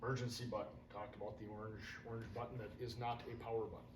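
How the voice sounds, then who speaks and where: A man's voice: lowish voice, little pitch movement, quick pace. A man giving casual, hands-on radio training to firefighters, folksy and drifting into stories. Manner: casual, folksy, wanders into anecdotes. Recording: roomy, distant, faint room hum.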